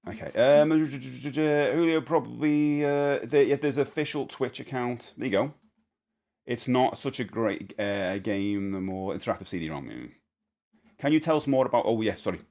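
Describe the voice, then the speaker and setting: A man's voice: mid-range voice, vocal fry, darkish tone. A man, rambling cheerfully through a live-stream Q&A, reading out chat questions and laughing easily. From England. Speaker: livestreamer.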